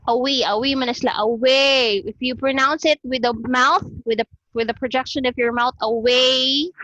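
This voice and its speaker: A woman's voice: fairly high pitch, a bit bright, dry recording. A woman teacher with a Cebuano Filipino accent gives an online class lecture, switching between English and Cebuano and checking in with her students. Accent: Filipino, Cebuano-speaking. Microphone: video call. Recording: dull lo-fi video call audio.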